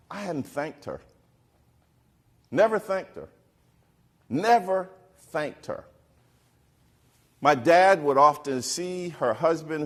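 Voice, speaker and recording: A middle-aged man tells a personal story from a stage, his voice in the middle of the usual male range. His pitch swings widely as he acts out the people he quotes. At times he drops to a whisper. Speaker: keynote speaker. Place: stage before a live audience.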